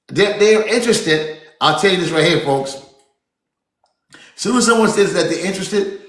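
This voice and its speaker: Energetic man coaching in an echoey room. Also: a little high. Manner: energetic, repetitive, addresses listeners as folks. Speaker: real estate business coach. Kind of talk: motivational seminar talk.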